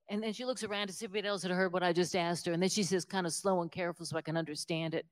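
A middle-aged woman with a Southern Appalachian accent, telling stories in a casual interview, animated and self-deprecating with many restarts. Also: mid-range voice, rapid-fire. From West Virginia, United States. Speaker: author interviewed as guest.

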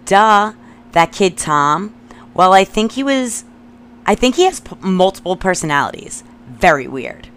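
A woman's voice: mid-range voice, a bit bright. Giggly, foul-mouthed woman in her thirties. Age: 30s. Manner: profane, giggly asides. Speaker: podcast host. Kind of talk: reading old notes aloud with commentary.

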